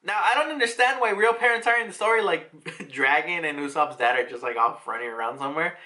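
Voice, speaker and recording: A young man casually reacting to and retelling a comic chapter, animated and profane, slipping into excited mock character voices. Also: a little high, quick pace. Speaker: manga reaction host.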